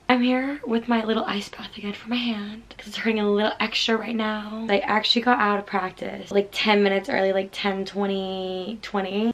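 A young woman talking casually to her camera as a vlogger, chatty and emotional, laughing often. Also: medium pitch. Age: young adult. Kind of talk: casual vlog chat. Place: car, dorm room.

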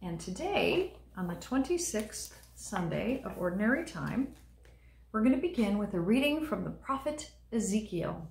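A woman leading a children's liturgy, teaching young kids in a gentle, encouraging way and speaking right to them. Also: medium pitch, very animated, normal speed, vocal fry, echoey room.

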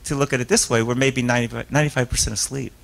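A man's voice: medium pitch, fairly even intonation, rapid-fire, gravelly, poor audio. Rambling, self-interrupting male hypnotist speaker. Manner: rambling, self-interrupting storyteller with frequent restarts and laughs; acts out quoted voices in his stories. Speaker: author giving a keynote talk; stage hypnotist. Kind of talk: live talk with audience questions.

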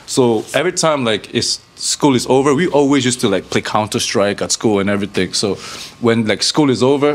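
A man in casual chat, telling lively stories and mimicking people he knew. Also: medium pitch. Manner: animated storyteller, imitates people.

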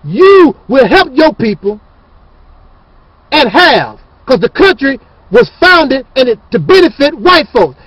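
A man's voice: very high-pitched, very animated, slow, a bit bright, no room sound, low-quality recording. A man hosting his channel, ranting in a fiery, preachy and scornful monologue. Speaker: channel host.

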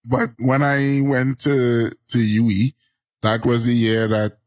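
A man from Trinidad talks as a guest on an interview podcast. His voice is a steady, slightly drony mid pitch, and he explains things at length. The sound is dry and close to the mic, with no room echo. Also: slow. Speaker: guest, agricultural journalist. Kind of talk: casual interview.

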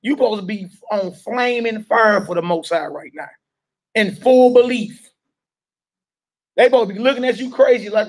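In a high voice at normal speed, pausing often, a man delivers a street-style sermon to a gathered room. He's emphatic, urging his listeners directly and questioning them in call and response.

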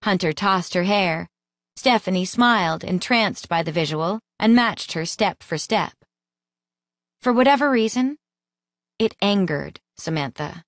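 A woman narrating an audiobook in a lively, expressive reading voice, close to the mic. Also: medium pitch, unhurried, no room sound. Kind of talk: scripted narration.

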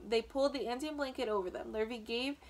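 A woman reading a children's book aloud, gently, with small slips and restarts, as a teacher would for a class. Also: a little high, fast.

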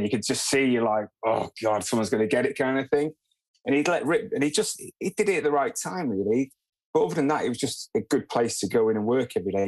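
A man's voice: medium pitch, no echo, poor audio. A man, a podcast guest talking easily and reflectively in short plain sentences. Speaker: guest, former footballer. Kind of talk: casual podcast chat.

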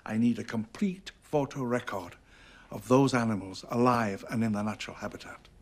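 An older man playing a gentle, persuasive elderly tycoon in a film. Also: mid-range voice, moderate pace, close to an everyday voice. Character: genial elderly male park founder. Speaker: film character.

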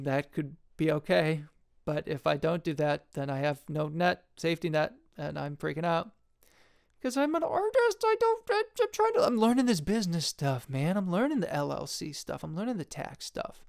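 A young independent filmmaker talks in a creaky voice, rambling jumpily and poking fun at himself. He laughs a lot and suddenly leaps up into a high squeak.

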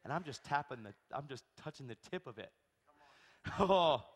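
A man from Pennsylvania preaching as a guest speaker, telling stories in an animated way that swings between loud bursts and hushed asides. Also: mid-range voice, moderate pace, slightly rough. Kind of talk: storytelling sermon. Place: church sanctuary. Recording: long church reverb.

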